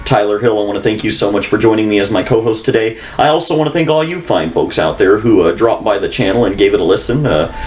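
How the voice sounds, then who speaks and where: A man's voice: on the low side, fast talker, hardly any pauses, poor audio. A man hosting a podcast, telling a story in a rambling, casual way. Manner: rambling, animated, with restarts. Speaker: podcast host.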